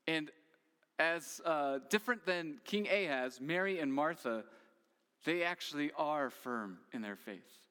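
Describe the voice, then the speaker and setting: A man's voice: on the high side, fairly bright tone, long reverb tail. A man preaching a sermon as pastor, earnest and posing questions to his listeners.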